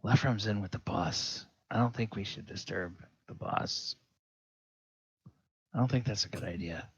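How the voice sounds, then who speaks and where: A man's voice: mid-range voice, expressive, extremely slow, highs cut off, full character voice. A man voicing Geralf, a nervous, sweetly scheming male underling. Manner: wary, then syrupy sweet.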